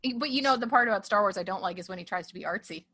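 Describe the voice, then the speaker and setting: Woman, podcast guest, bright voice, blunt, dramatic, self-mocking, casual chat. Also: mid-range voice, rapid-fire.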